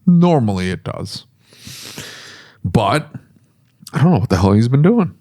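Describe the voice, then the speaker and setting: A middle-aged man, a shop owner, chatting casually on a podcast and telling rambling, animated stories. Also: mid-range voice, unhurried. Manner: rambling, animated storytelling with laughs.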